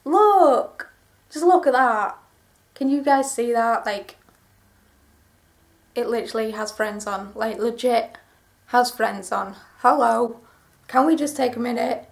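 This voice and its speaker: A young woman chatting through a clothing haul vlog, gushing and rambling with enthusiasm. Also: fairly high pitch. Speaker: vlogger.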